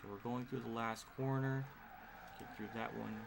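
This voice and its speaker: A man's voice: medium pitch, steady tone, normal speed. A man streaming a racing game live, commenting in an exasperated way, swearing often and laughing at himself. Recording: clear background noise.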